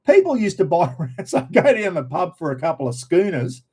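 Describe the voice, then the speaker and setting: A man's voice: high-pitched, sing-song, a little fast, few pauses, darkish tone, husky. A middle-aged Australian man hosting a casual livestream chat, rambling and slangy, often calling out to his viewers as everyone. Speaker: livestream host.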